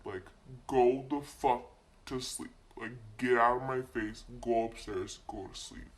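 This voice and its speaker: A woman's voice: extremely low pitch, fairly even intonation, measured pace, voice pushed down. A woman voicing her angry young brother ordering someone to bed. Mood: commanding.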